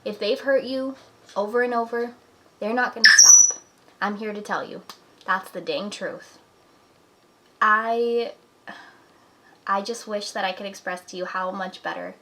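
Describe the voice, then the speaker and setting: A young woman in her twenties, a vlogger, speaks earnestly to camera from her apartment in poor-quality audio. Her medium-pitched voice sounds pushed and bright as she offers encouraging life advice in a casual, chatty way, sprinkling in "like" and "you know."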